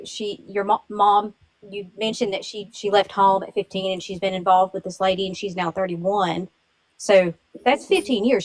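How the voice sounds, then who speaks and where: A woman calls in to a livestream, talking earnestly and with emotion as she rambles. Her voice is mid-range and the recording quality is low.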